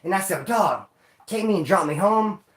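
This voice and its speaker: A man's voice: sits high, lively intonation, normal speed. A man hosting a livestream, telling stories in casual slang, rambling and repeating himself. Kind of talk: casual storytelling. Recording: roomy echo.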